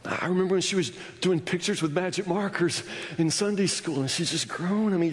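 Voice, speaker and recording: Stammering pastor in a reverberant church. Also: male voice, sits high, a little fast. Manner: stammering restarts, building to shouts. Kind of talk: sermon. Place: church sanctuary. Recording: long hall reverb.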